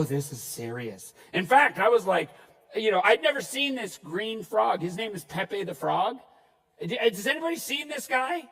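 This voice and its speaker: A male comedian from Newfoundland giving a jokey, animated stand-up style keynote to a live audience, with bursts of shouting. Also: extremely high pitch. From Newfoundland, Canada. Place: large hall. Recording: echoey hall, mic far off.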